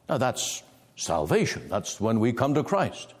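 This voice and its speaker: Slow, lively-pitched preacher man in a hall. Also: husky. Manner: emphatic preaching with sweeping pitch swings. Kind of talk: sermon.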